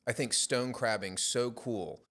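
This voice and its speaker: A man, a podcast guest, telling fishing stories in a casual interview with an animated, playful manner. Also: medium pitch, measured pace. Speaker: podcast guest, yacht club commodore.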